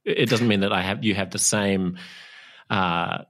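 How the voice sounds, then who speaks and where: A man's voice: low voice, steady tone, unhurried, fairly bright tone, a little hiss or hum. A man hosting an interview, asking curious questions and speculating aloud in a casual, joking way. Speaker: podcast host.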